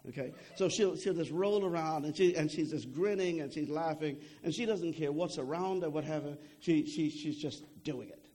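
A man's voice: on the high side, moderate pace, hardly any pauses, dark tone. A young adult man preaching a sermon in a conversational way, often checking in with "okay?" and repeating words as he goes.

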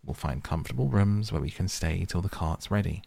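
Man reading as brisk fed-up water rat, storybook, low gravelly voice, sharp and quick. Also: expressive, dry recording, full character voice. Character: exasperated practical male water rat.

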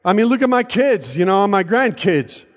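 A fairly high-voiced older man preaching in a church, his words trailing into a long hall reverb. He keeps it conversational, dropping jokes and checking whether his listeners are still with him. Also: big pitch swings, moderate pace. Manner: conversational, joking asides, checks in with the congregation. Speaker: pastor. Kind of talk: sermon. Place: church sanctuary.

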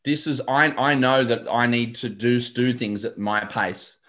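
A man's voice: medium pitch, a little slow, a bit bright. A man, a confidence coach chatting casually as a podcast guest, rambling with many fillers and restarts.

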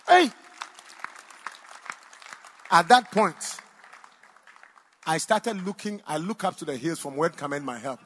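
Male pastor, high husky voice, animated storytelling, shouts and laughs, sermon. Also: takes it slowly, long pauses, some chatter behind.

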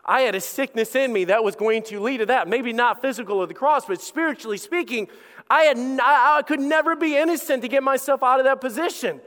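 Middle-aged guy preaching hard, high-ish voice, acts out what people say, big echoey church. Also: fairly quick, a bit bright. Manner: impassioned preaching, acting out voices of listeners. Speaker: pastor. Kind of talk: sermon. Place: church auditorium. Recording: long reverb of a large hall.

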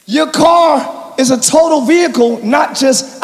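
Male pastor, very high voice, shouting sermon in an echoey church hall. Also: a little slow, vocal fry, hardly any pauses. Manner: shouting, preaching with call-and-response to the congregation. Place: large church hall with congregation.

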